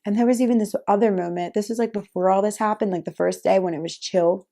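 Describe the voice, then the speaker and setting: Young woman vlogger, casual storyteller, soft dark tone, filler-heavy chatty delivery. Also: medium pitch, fairly even intonation, fast. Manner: chatty, lots of "like" fillers, frequent laughs.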